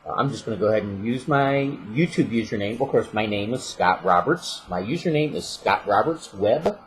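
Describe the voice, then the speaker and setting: A man from the St. Louis area with a light Midwestern accent, chatting casually and reading a word list in a relaxed, self-deprecating way. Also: lowish voice, moderate pace, slight background noise, low-quality recording. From St. Louis area, Missouri. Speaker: vlogger and voiceover artist.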